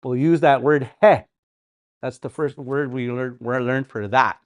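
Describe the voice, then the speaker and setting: Pacing the classroom during a livestreamed lesson, a Dakota language teacher from Sioux Valley keeps things playful and repeats words for students to practise. The voice is medium-pitched, steady, and unhurried, in studio quality with no room sound.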